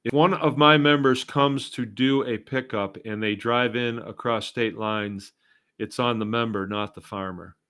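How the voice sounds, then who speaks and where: A man's voice: medium pitch, steady tone, a little slow, fairly bright tone, clean tone. Rambling middle-aged man from Massachusetts. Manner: rambling, conversational, chuckling asides. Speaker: host. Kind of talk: casual live-stream chat, reading viewer comments.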